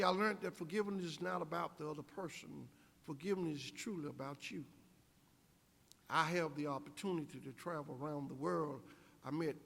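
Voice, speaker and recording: An older man delivers an inspirational speech to students, building his points with emphatic, preacher-like repetition. His voice sits a touch high and carries a gravelly edge. A long reverb trails every phrase across the large hall. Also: a bit bright. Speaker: guest speaker. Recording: echoey hall.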